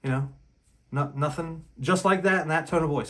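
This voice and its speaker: A man's voice: fairly high pitch, moderate pace. A man hosting a relationship talk channel, speaking in a blunt, heated casual monologue and acting out quotes as he tells his story.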